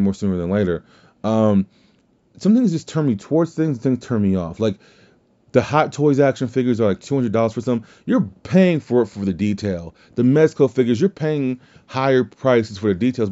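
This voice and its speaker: A man's voice: lowish voice, warm tone, highs cut off. A man with a Southern US drawl hosting a podcast, talking casually and rambling with self-corrections. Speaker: podcast host. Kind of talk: casual solo podcast talk.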